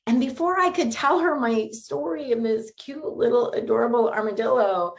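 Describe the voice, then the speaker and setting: A woman's voice: fairly high pitch, normal speed, vocal fry. A middle-aged woman minister from Florida, giving a chatty, conversational sermon full of stories, fillers and little laughs. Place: Sunday spiritual gathering streamed online.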